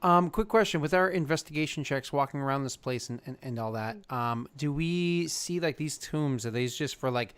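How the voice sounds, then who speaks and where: A man's voice: on the high side, moderate pace, few pauses, a bit bright, clean tone, dry recording. A man playing in a tabletop game, asking chatty, hesitant questions with lots of ums. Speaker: player. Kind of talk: casual tabletop chat.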